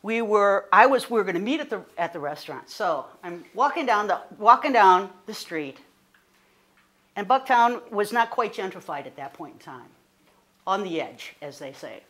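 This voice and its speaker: A woman, a guest speaker telling a personal story in an animated, conversational way, full of fillers and self-corrections. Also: mid-range voice, normal speed. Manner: animated, rising to indignant.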